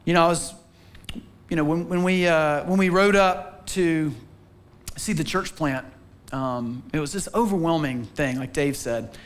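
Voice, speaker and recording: A man delivers a sermon from a church stage in a high voice. He tells his story in an animated way, jumping up in pitch to act out what people said. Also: unhurried. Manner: animated storytelling, acts out quotes with sudden pitch jumps. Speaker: pastor.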